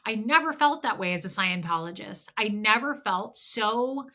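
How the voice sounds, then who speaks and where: A woman's voice: mid-range voice, lively intonation, moderate pace, bright, forceful tone. A middle-aged woman talking candidly and rambling on a livestream, a little stuffy-nosed, greeting viewers by name. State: stuffy nose. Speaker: livestream host. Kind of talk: casual livestream chat.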